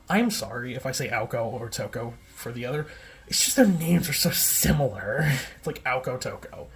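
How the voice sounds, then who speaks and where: A man giving a casual, rambling recap, often correcting himself and filling gaps with "like" and "um". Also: mid-range voice. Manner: rambling, self-correcting, filler-heavy. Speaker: video essayist.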